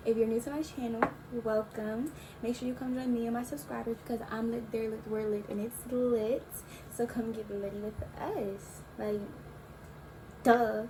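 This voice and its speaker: Telling a storytime as a YouTuber, a young woman in her early twenties keeps things casual, relaxed and slangy, with drawn-out tangents. Her voice runs a little high over some background noise.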